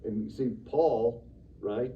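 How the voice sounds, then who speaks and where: A man teaching a church Sunday school class in a lively, conversational way, acting out the quotes he reads. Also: mid-range voice, slow. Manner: animated, conversational, acts out quotes with sudden loud bursts. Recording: distant, dull room recording with faint noise.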